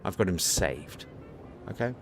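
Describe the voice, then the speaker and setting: A man's voice: low voice, animated, unhurried, faint music behind. A man streaming live, telling a rambling, profane story and lecturing his chat, repeating himself for emphasis. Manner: storytelling, preachy.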